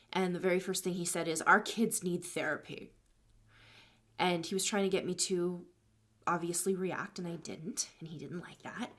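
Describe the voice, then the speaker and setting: Chatty woman hosting a live stream. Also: on the low side. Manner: chatty, thanks viewers between points, tells stories. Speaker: life coach and live-stream host. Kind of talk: casual live-stream talk.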